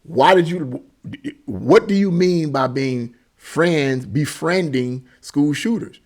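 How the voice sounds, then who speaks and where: A man's voice: fairly high pitch, expressive, slow, a little mellow. A man hosting a political commentary channel, talking in an emphatic, indignant way and often repeating himself for stress.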